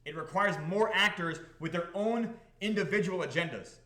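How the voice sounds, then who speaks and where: Animated, profane man hosting a live stream. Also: high voice, moderate pace, echoey room. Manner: animated, profane, repeats himself, keeps asking the audience if they follow. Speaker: crypto project founder hosting a live stream. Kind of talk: casual live-stream talk to chat.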